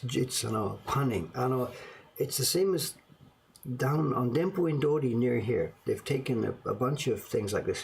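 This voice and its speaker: A man with a gravelly voice at an ordinary pitch, chatting casually as he shows his collection to the camera. He rambles and thinks aloud, poking fun at himself as he goes. A faint hiss of noise sits under the recording. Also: a little mellow. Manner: rambling, musing aloud, self-deprecating. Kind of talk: casual show-and-tell to camera.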